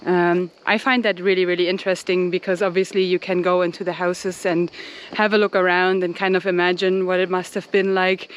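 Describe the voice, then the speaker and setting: A woman's voice: fairly low pitch, flat delivery, brisk, clear, resonant tone. A woman travel vlogger, out of breath, chatting casually with lots of fillers while walking through ruins outdoors on a hot day. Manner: chatty, rambling with many fillers. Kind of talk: casual walking vlog chat.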